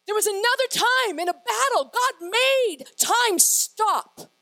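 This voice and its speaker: A woman preaching a lively, playful sermon that rises to shouted praise. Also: very high voice, takes it slowly, creaky.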